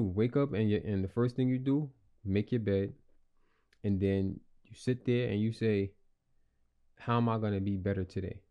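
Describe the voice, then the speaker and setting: A young man with a fairly low, warm voice hosts a casual motivational podcast. He rambles and repeats himself, talking earnestly in slang.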